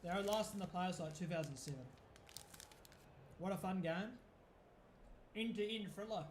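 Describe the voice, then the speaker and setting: This New Zealand-accented man streams as a football fan, casually chatting, rambling, and swearing freely through a live watch-along. He speaks at normal speed in a high voice, with an echoey room and a little background noise.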